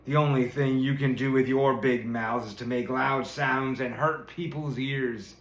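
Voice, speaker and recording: A man's voice: mid-range voice, steady tone, unhurried, fairly bright tone, natural voice. A man voicing a stubborn, indignant farmer in a storybook reading. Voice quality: grumbling, indignant. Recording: roomy echo.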